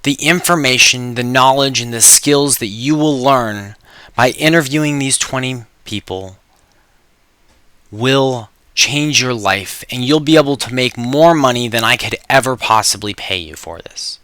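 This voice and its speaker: A man voicing a wealthy older male industrialist who speaks slowly and deliberately. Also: mid-range voice, pushed and bright, smooth, no room sound.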